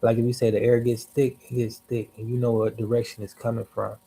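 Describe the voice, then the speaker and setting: A man's voice: mid-range voice, little pitch movement, a little fast, gravelly, warm tone, breathy edge, rough recording. A young man on a livestream telling a personal story in a loose, slangy, profane way, with asides and restarts. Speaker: livestream host.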